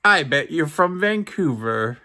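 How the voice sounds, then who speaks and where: A man's voice: fairly high pitch, big pitch swings, measured pace, sharp tone, pitched above the performer's own voice, exaggerated voice. A man voicing a suspicious wife who scoffs in disbelief. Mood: prying. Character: suspicious, indignant middle-aged wife.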